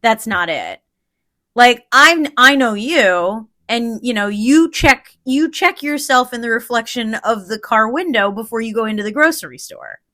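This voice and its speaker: A woman co-hosting a podcast in casual chat, arguing her points with animated insistence. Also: a little high, a little slow. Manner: animated, argumentative. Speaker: podcast co-host.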